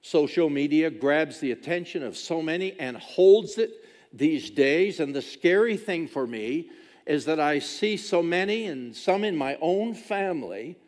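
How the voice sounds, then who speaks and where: Guy in his 60s preaching, emphatic and repeating himself, voice a bit high for a man. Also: lively intonation, a little slow, a little mellow. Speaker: pastor. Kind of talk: sermon. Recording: long reverb of a large hall.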